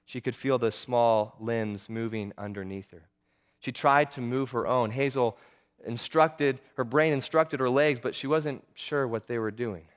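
A man's voice: mid-range voice, fairly even intonation, unhurried. A man narrating a true-life story in an earnest way, now and then stumbling and repeating words.

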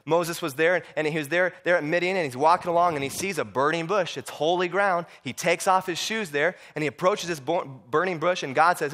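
A man preaching a sermon, telling stories with animated voices and frequent repeated words. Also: a little high, a little fast, hardly any pauses.

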